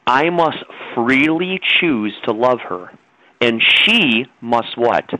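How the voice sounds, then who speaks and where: A man's voice: mid-range voice, expressive, takes it slowly, pushed and bright, a little hiss or hum, poor audio. A middle-aged man, a guest on a radio talk show, lecturing in a preachy, insistent way.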